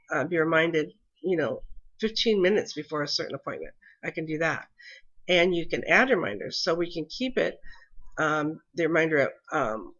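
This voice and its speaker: A woman's voice: deep voice, a bit bright, lo-fi sound. A congested woman walking through her calendar in a casual screen-recorded tutorial, hesitant and full of ums. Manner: hesitant, many ums and restarts. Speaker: mom explaining her calendar setup.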